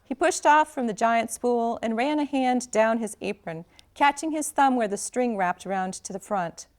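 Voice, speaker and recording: A woman author reads her own novel aloud, first person and steady. Her voice sits somewhat high. The narration is clear and evenly paced, like an audiobook reading. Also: moderate pace.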